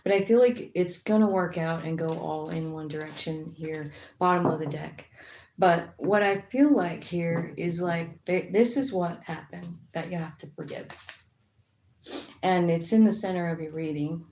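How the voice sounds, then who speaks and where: A woman with a lowish, darkish-toned voice speaks at normal speed while giving a tarot reading. She's chatty and rambling, dropping frequent fillers and occasional swears, in an echoey room with faint background noise.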